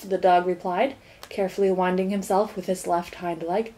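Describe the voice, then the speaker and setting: A woman narrating a children's novel aloud in a measured, expressive reading voice. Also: lowish voice. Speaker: audiobook reader. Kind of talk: storybook narration.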